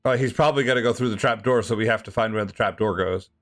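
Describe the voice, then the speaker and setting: A man's voice: lowish voice, fast, faint music behind. A man playing in a tabletop game, thinking aloud with many hedges and restarts. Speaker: player. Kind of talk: casual tabletop play.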